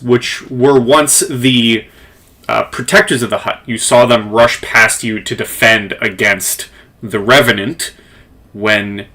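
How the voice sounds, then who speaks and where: A game master calmly narrating a tabletop game to the players. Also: medium pitch.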